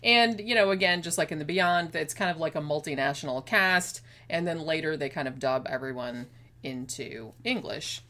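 Chatty low-voiced woman. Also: normal speed. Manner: chatty, animated, laughs often. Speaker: podcast co-host. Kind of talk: casual film discussion.

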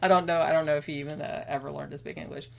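A woman casually discussing a horror film as a podcast co-host, chatty and animated, laughing often. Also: low voice, racing, creaky.

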